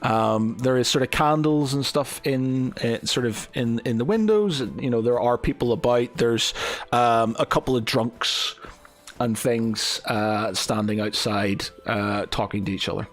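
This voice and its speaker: A man's voice: medium pitch, unhurried. A man running a tabletop game as game master, narrating with many fillers and restarts. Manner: hesitant, full of fillers and restarts.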